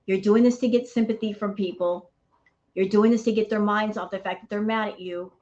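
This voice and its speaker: A woman's voice: mid-range voice, steady tone, fairly quick, a little mellow, dull audio. A woman hosting a reaction channel, ranting in heated commentary and calling her viewers y'all.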